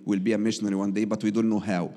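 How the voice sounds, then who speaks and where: A man's voice: fairly low pitch, little pitch movement, racing, in a large hall. A man who is not a native English speaker, telling a personal story as a guest missionary in broken English and acting out the people he quotes. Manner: broken English, acts out quoted voices loudly.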